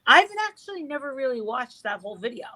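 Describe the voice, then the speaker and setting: A middle-aged woman with a slightly high voice, chatting as a guest. She talks loosely and bluntly, swears freely and acts out every line of dialogue in her stories. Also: animated, fast talker, sharp tone, rough recording. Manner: swears freely, tells stories with reported speech. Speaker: interview guest. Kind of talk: casual chat.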